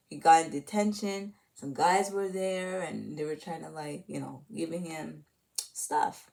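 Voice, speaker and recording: A woman's voice: fairly low pitch, gravelly, darkish tone. A woman retelling a movie in a casual, rambling way, full of fillers and restarts. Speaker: channel host.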